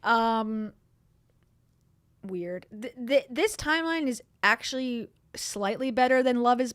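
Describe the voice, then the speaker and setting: A woman with a slightly high voice talks straight into a close desktop mic, sarcastic and chatty as she reacts to clips. The sound is dry, with no room echo. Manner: sarcastic, mocking, chatty asides. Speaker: streamer reacting to videos. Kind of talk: casual livestream reaction commentary. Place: home room. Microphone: desktop streaming mic.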